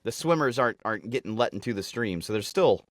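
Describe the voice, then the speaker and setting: A man's voice: fairly low pitch, lively intonation, quick pace, no echo, studio quality. A man co-hosting a podcast, telling a rambling, profane, self-mocking story in casual chat. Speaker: podcast co-host.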